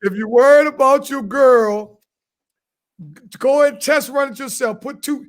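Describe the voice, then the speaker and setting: A man's voice: extremely high pitch, normal speed. A man co-hosting a comedy podcast, giving crude advice in a boastful, repetitive way and laughing at his own jokes. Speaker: podcast co-host.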